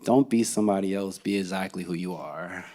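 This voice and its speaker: A man telling a funny personal story to a live audience, animated and laughing as he goes. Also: deep voice, a little fast, very noisy. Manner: animated and comic, laughing as he tells it. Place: theater stage.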